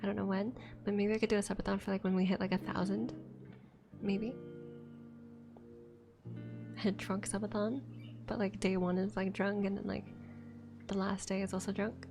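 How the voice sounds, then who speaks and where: Young woman, streamer, gravelly fry, rambling casual chat, frequent swearing, faint guitar music. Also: medium pitch, level tone, moderate pace, pauses often. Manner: rambling, swears often, laughs between lines. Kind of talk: casual late-night stream chat, ASMR edition.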